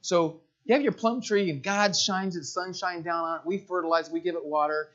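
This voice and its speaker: A man giving a live marketing seminar to a room, energetic, repeating phrases and checking in with "right?". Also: sits high, normal speed, lo-fi sound. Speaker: marketing speaker.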